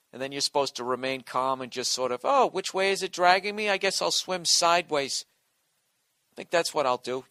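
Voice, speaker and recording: A man's voice: medium pitch, pushed and bright, dry recording. Profane ranting comedian man. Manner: profane, sarcastic, exasperated. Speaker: comedian and podcast host.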